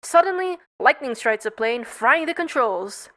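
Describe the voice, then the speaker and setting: A woman's voice: sits high, animated, unhurried, few pauses, a bit bright. A young woman reading a film script aloud in a playful, casual way, laughing at her own slips. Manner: playful, stumbles over words and laughs at herself. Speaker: script reader.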